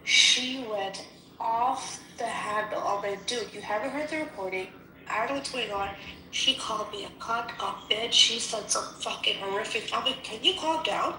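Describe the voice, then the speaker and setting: A woman's voice: on the high side, moderate pace, pushed and bright, slight background noise. Heated, foul-mouthed woman in echoey room. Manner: heated, profane storytelling. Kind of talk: casual chat.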